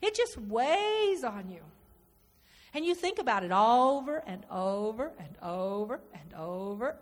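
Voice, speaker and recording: High-voiced woman preaching in a hall. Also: a little slow. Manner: animated, repetitive, acts out inner dialogue. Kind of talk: sermon. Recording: reverberant hall.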